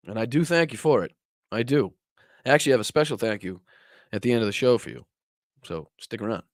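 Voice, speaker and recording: A man's voice: medium pitch, expressive, quick pace, no room sound, studio quality. Profane, sarcastic Boston man hosting. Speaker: political commentary host. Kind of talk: live-stream political commentary.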